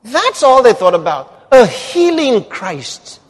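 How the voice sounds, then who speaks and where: Male preacher, high lively voice, slow and emphatic, fervent sermon. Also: long reverb tail. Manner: emphatic, rising to fervent exclamation.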